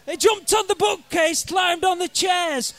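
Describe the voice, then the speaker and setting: A comic poet who bellows his rhymes with brash, rowdy swagger. His voice sits extremely high and sounds bright and cutting. He drags his lines out slowly and keeps shouting at the room. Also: dry recording, soft background music. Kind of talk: shouted comic verse at a live gig. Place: live music venue.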